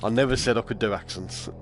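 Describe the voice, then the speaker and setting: A man talks his way through a VR shooter, muttering and cursing at the enemies. His voice sits at a middling pitch but leaps about lively in tone. Game music plays clearly underneath his headset mic. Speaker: VR gamer streamer. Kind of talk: gameplay commentary.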